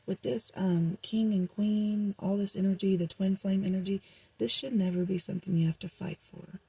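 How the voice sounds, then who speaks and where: A woman's voice: mid-range voice, steady tone, normal speed, creaky, mellow, husky, dry recording, rough recording. A young woman doing a casual, rambling tarot reading for her viewers, with frequent fillers. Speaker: tarot reader.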